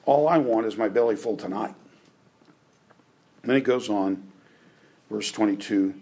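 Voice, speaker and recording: A man's voice: on the low side, moderate pace, pauses often, a little mellow, husky, rough recording. A man preaching a conversational sermon, often checking in with his listeners. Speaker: pastor.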